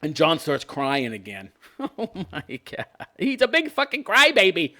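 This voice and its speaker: A man's voice: a little high, very animated, moderate pace, pushed and bright. A man ranting sarcastically in casual commentary, laughing often and swearing as he mocks what he describes. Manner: sarcastic, laughing, profane, mocking quoted characters. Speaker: commentary host.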